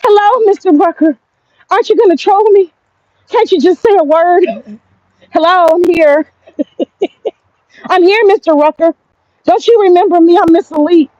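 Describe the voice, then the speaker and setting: A woman's voice: extremely high pitch, moderate pace, long pauses, darkish tone, no echo, pitched above the performer's own voice. A woman mocking a needy, whiny streamer girl. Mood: pleading. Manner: pleading, needy, repetitive. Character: whiny attention-seeking young woman streamer. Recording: dull lo-fi dry sound.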